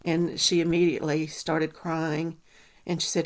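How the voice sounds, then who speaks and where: A woman, a mother telling a personal story in a halting way, with many ums and restarts. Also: sits low, flat delivery. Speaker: mother recounting a family loss. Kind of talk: personal testimony.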